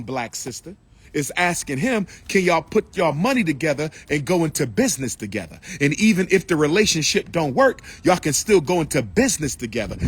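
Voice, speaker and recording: A man's voice: high-pitched, a bit bright, breathy edge. A man giving an impassioned live address outdoors beside a school building, repeating his points in a preaching cadence and drawing out his lists. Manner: emphatic, repetitive preaching cadence with slowed, drawn-out lists. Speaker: public speaker addressing a live audience.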